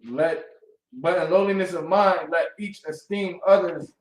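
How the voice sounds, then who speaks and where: A man reads a verse aloud from across an echoey room, well away from the mic. His voice sits slightly high and he speaks quietly. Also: fairly even intonation, unhurried, distant mic.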